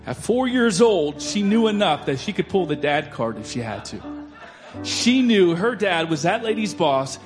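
A man preaches a sermon with a fairly high voice, rising into loud declarations and dropping to quiet storytelling. Soft music plays faintly underneath him. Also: very animated, normal speed. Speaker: pastor.

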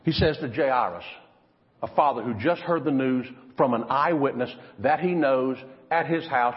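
Male pastor, mid-pitched, animated dramatic sermon delivery; dull recording in a reverberant hall. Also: normal speed. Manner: dramatic preaching, swinging from loud to hushed.

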